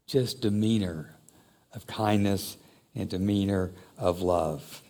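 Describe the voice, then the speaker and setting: A man's voice: fairly low pitch, fairly even intonation, drawn-out words, long pauses, dark tone. A man preaching a sermon in a conversational, reflective way that builds to emphatic exhortation. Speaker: pastor.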